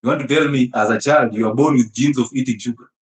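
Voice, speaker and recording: A man giving an animated health talk, emphatic and teasing, often laughing and throwing rhetorical questions at his listeners. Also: mid-range voice, fast. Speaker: health speaker. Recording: echoey room.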